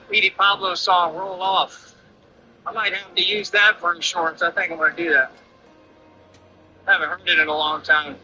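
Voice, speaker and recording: A man's voice: sits high, bright, forceful tone, rough recording. A man streamer ranting defiantly and boastfully over his gameplay. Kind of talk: livestream rant over gameplay.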